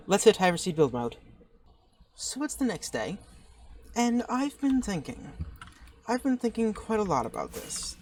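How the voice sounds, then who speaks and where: A woman talks through her own gameplay in a relaxed commentary style. She is excitable, thinks aloud and trips into restarts as ideas come to her. Her pitch sits mid-range, and faint background noise sits under the voice. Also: unhurried, long pauses. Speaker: channel host.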